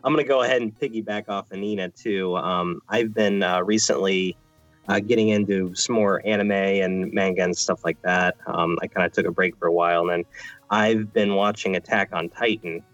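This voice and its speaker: A man with a fairly low voice chats quickly as a podcast guest, dropping in ums. His sound is dry and dull. Faint music plays behind him. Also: steady tone, a bit bright, dry recording. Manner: quick, loose, with many ums. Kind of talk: casual chat.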